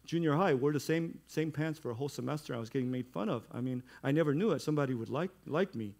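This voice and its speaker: A man's voice: on the high side, quick pace, creaky. Conversational male pastor preaching. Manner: conversational preaching that builds to loud emphatic stretches. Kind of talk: sermon.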